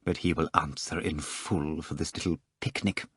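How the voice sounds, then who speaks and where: A grim male theatre director speaking low, quiet and clipped, read by a man in an audiobook. His few words land heavy, and the sound is dry and close. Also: fairly even intonation, a little slow, dry recording, full character voice.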